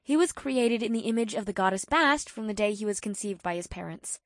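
Guy doing a high earnest young woman, blunt but kind, audiobook, dry close mic. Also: animated, a little fast, dry recording. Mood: explaining.

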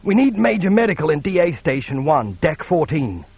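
A man puts on a young woman ensign, pitched well above his own husky voice, urgent and giving orders. The sound is a touch dull and lo-fi, like an older audiobook recording. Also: sing-song, moderate pace, no echo, exaggerated voice. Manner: urgent, commanding. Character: young female navy ensign under fire.

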